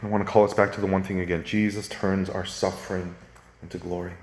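A man giving an earnest, conversational sermon as a pastor, with animated rises when he gets going. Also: low-pitched, fast talker, roomy sound.

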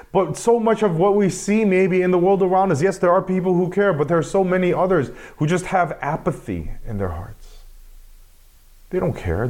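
A man preaching a sermon in a conversational, self-deprecating way, often restarting his sentences. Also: high voice. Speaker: pastor.

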